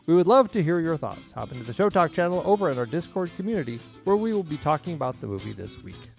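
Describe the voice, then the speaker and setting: A man co-hosting a film podcast in relaxed, amused casual chat. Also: fairly high pitch, a little fast, gravelly, faint music behind. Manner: relaxed, amused, with filler words. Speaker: podcast co-host.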